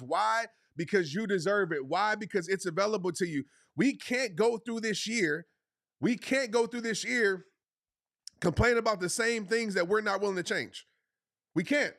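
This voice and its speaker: A man's voice: high voice, normal speed, gravelly, fairly bright tone. A man hosting a livestreamed motivational talk, speaking passionately and pushily, repeating phrases for emphasis with casual slang. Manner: casual slang, addresses the audience as y'all.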